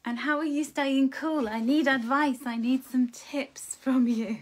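A woman's voice: sits high, steady tone, measured pace. A woman hosting a live card-reading stream, chatting to viewers and greeting them fondly with endearments. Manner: chatty, with light laughs. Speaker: angel card reader and host.

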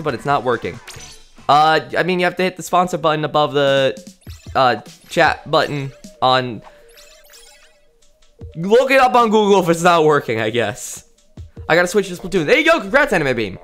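A young man giving lively live gameplay commentary, chatting with his viewers and yelping at big plays. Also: on the high side. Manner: excitable, yelps and pops off at kills; chatty, talks to chat between plays. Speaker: streamer. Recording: faint music behind.

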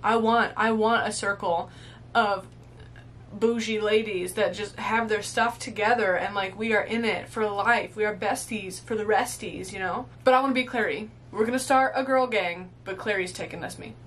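A woman's voice: mid-range voice, normal speed, fairly bright tone, slight background noise. A young woman, hosting a movie reaction video. She gushes emotionally, swears and laughs freely, and sounds teary after a big cry. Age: 20s. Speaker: host.

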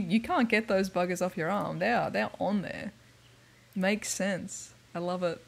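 Woman streamer, unhurried, husky, giggly, casual game-stream chat. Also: fairly low pitch. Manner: giggly, playful. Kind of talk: casual livestream chat while playing a video game.

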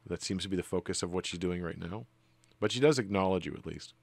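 Low-voiced man running a tabletop game. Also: quick pace, gravelly, no echo. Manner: relaxed, many fillers. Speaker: game master.

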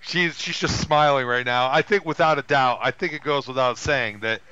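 Man, podcast co-host, casual film chat, animated, forceful tone, muffled audio. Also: normal speed, clear, resonant tone, dry recording. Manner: animated retelling with high put-on voices for quoted characters.

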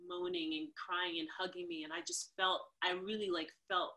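A woman from New York, a dancer guesting on a podcast, telling a story in a casual, animated way. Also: fairly low pitch, moderate pace. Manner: animated, acts out the people in her stories.

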